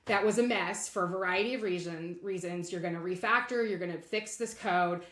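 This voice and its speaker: A middle-aged woman telling a work story as a guest in a podcast interview, candid and animated, acting out bits of dialogue. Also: on the low side, a little fast, roomy sound. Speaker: guest, legal operations leader.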